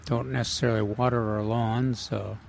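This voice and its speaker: A man co-hosting a casual gardening radio chat, talking haltingly with many fillers and restarts. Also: mid-range voice, level tone, creaky, darkish tone. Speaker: gardening show co-host. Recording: outdoor nursery with faint noise.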